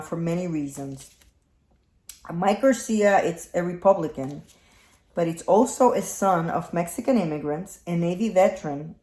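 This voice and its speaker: A woman in her forties hosting a casual morning talk show, speaking softly with many fillers. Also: deep voice, echoey room. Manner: slow, soft-spoken, many fillers. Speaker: show host.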